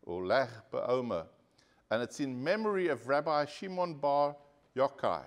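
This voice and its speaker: A man's voice: on the high side, very animated, moderate pace. A male pastor preaching a sermon to his congregation, earnest and direct, asking the people for an amen. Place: church.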